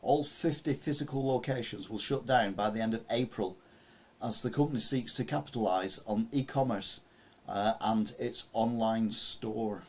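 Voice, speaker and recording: Male podcast host, slightly low voice, rambling and chuckling through the news with muttered asides. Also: moderate pace, breathy edge. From United Kingdom. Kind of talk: casual news commentary while sharing a screen.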